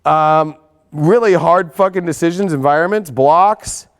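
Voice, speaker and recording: A man with a fairly high voice talks through a weekly astrology forecast. He is excitable and swears freely. He swings between loud, hyped bursts and quiet, earnest stretches. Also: measured pace. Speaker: astrology show host.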